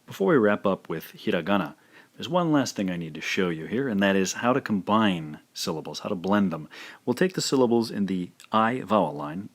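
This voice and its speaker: A man giving a scripted language lesson, speaking slowly and carefully and repeating each sound. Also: on the low side, lively intonation. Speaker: language teacher.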